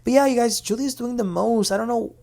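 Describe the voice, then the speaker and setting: A woman's voice: fairly high pitch, fairly quick, creaky, dark tone. A woman hosting a casual, opinionated reality TV recap, talking chattily with many fillers. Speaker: TV recap host.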